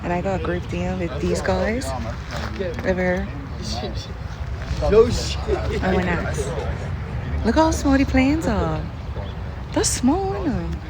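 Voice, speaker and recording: A woman's voice: lowish voice, animated, slow, long pauses, a loud crowd. A woman vlogging outdoors at a skydiving airfield into a handheld camera, rambling nervously and swearing a lot. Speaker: travel vlogger. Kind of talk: casual vlog to camera. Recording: loud music under the voice.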